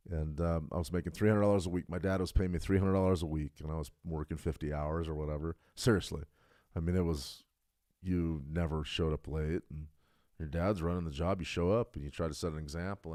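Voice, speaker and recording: Middle-aged man, very low voice, dry close mic; blunt streamer who gets loud and emphatic. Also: no echo. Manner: blunt, emphatic, builds to excited outbursts. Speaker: trading stream host. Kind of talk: casual livestream talk.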